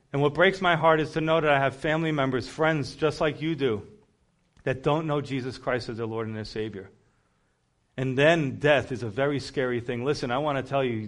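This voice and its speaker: A man preaching an earnest, urgent evangelistic sermon. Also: medium pitch.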